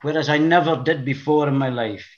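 A man's voice: on the high side, fairly quick. A man from the Orkney Islands with an Orkney Scottish accent, talking as a podcast guest in a rambling, blunt way, often repeating words as he thinks. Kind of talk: casual interview chat. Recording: dull lo-fi sound.

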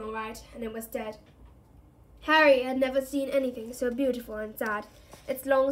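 A woman reads a novel aloud in a steady storytelling voice that sits fairly high. She keeps a plain, even pace, with a few slips along the way. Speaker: reader.

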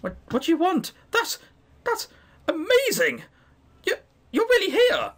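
A man voicing an excitable young female gem crafter in a game, a gushing fan who stammers over her words. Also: very high-pitched, a little slow, pitched above the performer's own voice, heavily acted. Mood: starstruck. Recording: faint background music.

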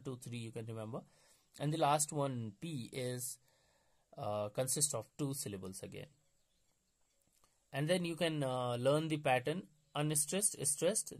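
Male exam tutor, unhurried and methodical, medium pitch. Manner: methodical, repeats key points slowly. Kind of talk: explanatory lecture.

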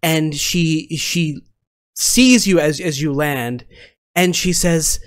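A man narrating a tabletop game as game master, in slow, descriptive narration. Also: on the high side, dry recording, studio quality.

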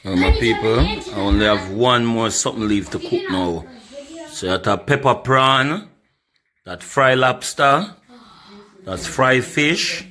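A man's voice: mid-range voice, slow pace, a crowd in the background, poor audio. A man demonstrating home cooking, chatting to his viewers and calling them "my people" throughout. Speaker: cooking vlogger. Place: home kitchen.

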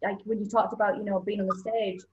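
A woman hosting a casual interview, reflecting on what her guest said and agreeing in quick remarks. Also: medium pitch, level tone, highs cut off. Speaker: host.

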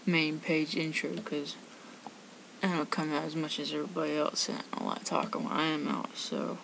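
Woman voicing a reluctant young male persona, hesitant, gravelly, soft-spoken. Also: flat delivery, moderate pace, slight background noise, rough recording. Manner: hesitant, low-key.

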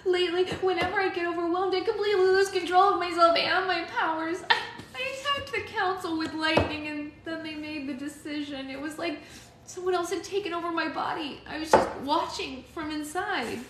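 A woman's voice: extremely high pitch, fairly quick, echoey room, heavy background noise, voice pushed up. A woman reading aloud, voicing an earnest young girl fairy who speaks in an urgent, emotional way. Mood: distressed.

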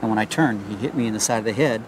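An older man recounting to a detective how a neighbor attacked him, halting and repeating words as he quotes what others said. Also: fairly low pitch, background noise. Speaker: assault victim. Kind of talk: recounting events to police. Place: outdoors on a residential street.

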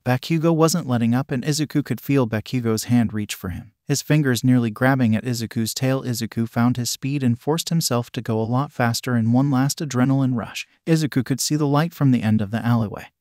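Even-toned male fan-fiction narrator. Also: medium pitch, fairly quick, few pauses, no echo, clean studio sound. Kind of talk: reading fan fiction aloud.

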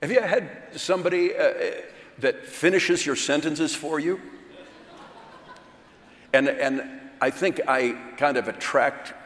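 Slow-talking man in a reverberant hall. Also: on the high side, fairly bright tone. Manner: slow, unhurried delivery; self-deprecating, chuckles between points. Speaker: conference seminar speaker. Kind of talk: church seminar talk with humor. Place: large hall at a church conference. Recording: echoey hall with long reverb.

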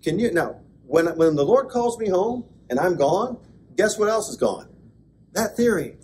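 A man, a pastor, giving a conversational Bible class lecture, with joking asides and bursts of excited emphasis. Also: fairly high pitch, normal speed, slightly rough. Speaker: pastor teaching an adult class. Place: church classroom.

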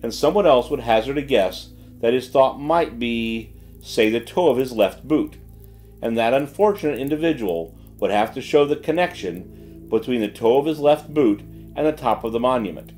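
Playing a dry, sarcastic detective chief, this man uses a mid-range, slightly mellow voice with lively intonation at normal speed, fairly close to how he'd normally speak. Soft music plays in the background.

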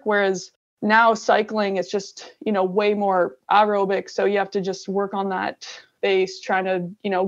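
Casting note: young female athlete, gravelly fry, relaxed and chatty, dull lo-fi recording. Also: medium pitch. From Canada. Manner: relaxed, many fillers like "like" and "you know". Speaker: interview guest, gravel cyclist. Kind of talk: casual interview chat. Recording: dull lo-fi sound.

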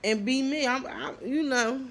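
A woman in her twenties talking casually to her viewers, telling her story with lively bursts and lots of fillers and pauses. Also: high voice. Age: 20s. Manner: chatty, animated storytelling, addresses viewers as y'all; frequent fillers and trailing pauses. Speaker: vlogger. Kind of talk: casual talk to camera.

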